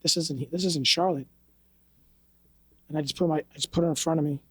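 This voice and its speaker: A man's voice: on the high side, steady tone, quick pace, slightly rough, dry recording. A man from New York, a martial arts instructor, telling stories on a podcast in a blunt, profane, streetwise way. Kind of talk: casual interview storytelling. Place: podcast studio.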